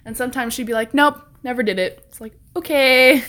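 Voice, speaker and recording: A woman's voice: fairly high pitch, fast talker, a bit bright. A woman in casual chat telling a ghost story, laughing often, swearing freely and acting out what people said.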